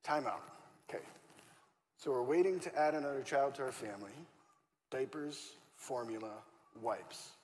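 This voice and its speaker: A man's voice: medium pitch, normal speed. A male pastor preaching a conversational, story-driven sermon and acting out the dialogue he quotes. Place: church auditorium. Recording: church hall reverb, faint room noise.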